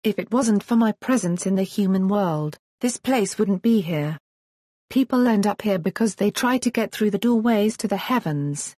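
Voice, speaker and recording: A woman voicing an arrogant, rattled male dark god in an audiobook story, in a husky voice. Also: mid-range voice, expressive, normal speed, dry recording, clean studio sound. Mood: frustrated. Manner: arrogant, pleading.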